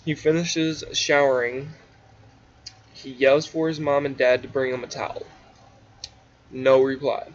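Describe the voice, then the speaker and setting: A man's voice: mid-range voice, little pitch movement, a little slow, pauses often. Man casually reading his own story aloud. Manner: offhand, drowsy, stumbles and restarts. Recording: dull lo-fi recording with faint hiss.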